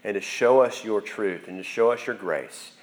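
Young male campus preacher, low voice, earnest and halting, repeats words mid-prayer. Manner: earnest, repeats words while searching for them. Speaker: campus minister. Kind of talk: sermon and closing prayer.

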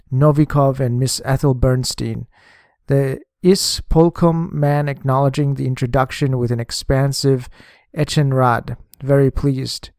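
A man narrating a first-person diary audiobook in a measured, even reading. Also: medium pitch, clean tone, dry recording, clean studio sound.

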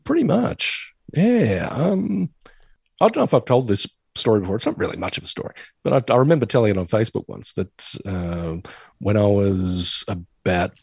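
Gravelly, husky man. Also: fairly low pitch, very animated, normal speed, dry recording. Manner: rambling, self-deprecating storyteller. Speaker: podcast co-host. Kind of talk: casual chat.

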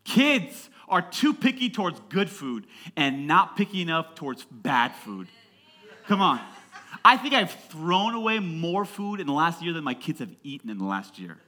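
A pastor in his thirties delivers a sermon to his congregation, pausing to have them repeat words back. His voice sits high and sounds bright and forceful. He builds from plain talk into loud, passionate peaks. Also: sing-song. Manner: call-and-response with the congregation. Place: church before a congregation.

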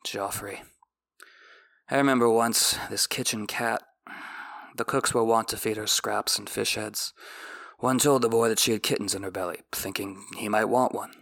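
A man voicing a stern, grim middle-aged king in an audiobook-style reading, speaking low, quiet and clipped. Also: fairly even intonation, moderate pace, creaky, no echo, studio quality.

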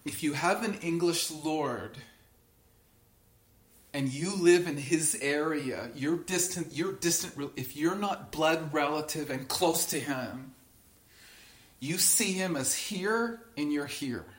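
A man's voice: a little high, takes it slowly, roomy sound. A man teaching a Bible study to a small group, speaking earnestly and with emphasis, often restarting phrases and checking that his listeners follow.

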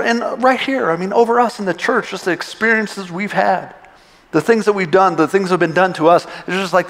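A man's voice: fairly high pitch, a bit bright. Emphatic male preacher in a reverberant hall. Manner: impassioned, emphatic preaching with repetitions and restarts. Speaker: pastor. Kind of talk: sermon. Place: church sanctuary. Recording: long reverb of a large hall.

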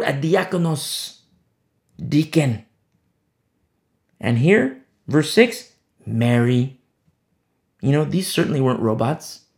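A man preaching with a gravelly, fairly high voice. He talks with passion, repeats words for emphasis and drops from loud declarations to hushed asides. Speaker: pastor. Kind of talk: expository sermon.

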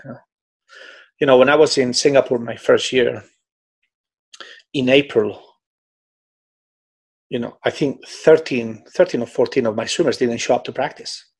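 A middle-aged man with a gravelly, husky voice, talking as a swim coach in an interview. He tells his stories in a lively, conversational way, filling his sentences with "you know". His tone stays loose and unscripted. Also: medium pitch, normal speed, long pauses. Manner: animated, frequent "you know", breaks into quoted voices.

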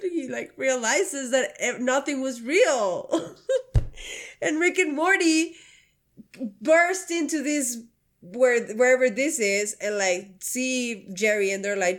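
Woman podcast cohost retelling a cartoon scene, kinda high voice, lots of "like", swears. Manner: animated storytelling, swears, quick agreeing fillers. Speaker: podcast co-host. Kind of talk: casual chat reviewing a cartoon episode.

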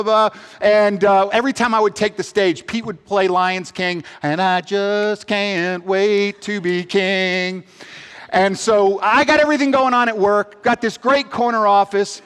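A man shares a personal testimony in a voice pitched a little high, earnest throughout. He moves from upbeat energy to hushed, heavy reflection. The sound carries a long reverb, as in a large hall. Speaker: speaker giving a testimony.

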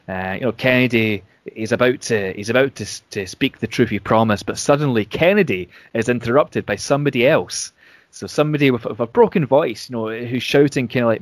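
A man's voice: medium pitch, no room sound. A man casually retelling a wrestling storyline, rambling with restarts and fillers.

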